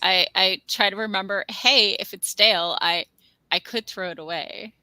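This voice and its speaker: A woman's voice: medium pitch, normal speed, bright, forceful tone, no room sound. A woman co-hosting a casual live stream, chatting and reading out comments from the chat. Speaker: stream co-host.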